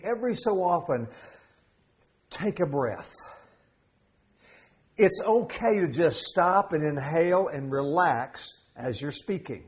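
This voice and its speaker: Joking middle-aged pastor preaching. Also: male voice, a little high, animated, slow, pauses often. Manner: conversational and humorous, with asides and jokes. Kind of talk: sermon. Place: church sanctuary.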